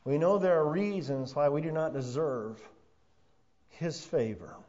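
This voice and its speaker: A man preaching a sermon as pastor, building to loud emphatic peaks and then dropping low and quiet for weight. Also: animated, measured pace. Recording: dull lo-fi sound.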